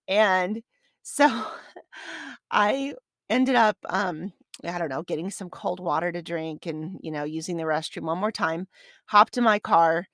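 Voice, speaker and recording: A woman's voice: fairly low pitch, a little slow, fairly bright tone, no room sound, clean studio sound. A woman hosting her own podcast, telling a long personal story in a chatty, rambling way with many restarts. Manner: gets emotional and tearful while recounting. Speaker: podcast host. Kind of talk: casual solo podcast recap.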